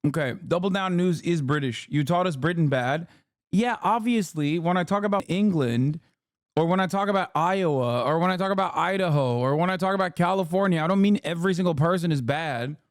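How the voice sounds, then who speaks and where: A man in his thirties reacting to a video on a livestream, blunt, exasperated and quick to swear. His voice sits fairly high. The sound is dry and close. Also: no echo. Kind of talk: casual livestream commentary.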